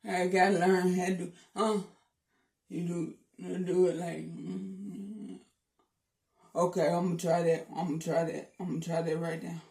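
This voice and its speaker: A man's voice: sits high, little pitch movement, normal speed, vocal fry, darkish tone, distant mic. Playful joking man in an echoey room. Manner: playful, repeats himself, teasing. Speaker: vlogger. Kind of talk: joking casual vlog.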